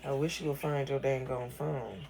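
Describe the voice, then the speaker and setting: A woman's voice: very deep voice, fairly even intonation, normal speed, creaky, background noise. A woman hosting a casual livestream from her bedroom on her phone, blunt and profane, chatting loosely and thanking viewers for gifts. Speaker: livestream host.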